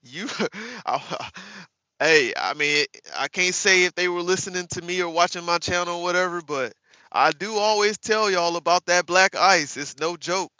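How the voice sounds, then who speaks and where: A man hosting a casual livestream, chatting with viewers by name, sarcastic and animated, calling his audience y'all. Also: high voice, moderate pace, dry recording. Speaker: livestream host. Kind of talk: casual live chat reading viewer comments.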